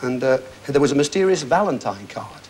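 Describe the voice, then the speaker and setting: A man's voice: mid-range voice, lively intonation, brisk, a little mellow. A man hosting a television quiz show, reading questions and joking with contestants in a breezy, easygoing patter. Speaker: game show host. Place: television studio with audience.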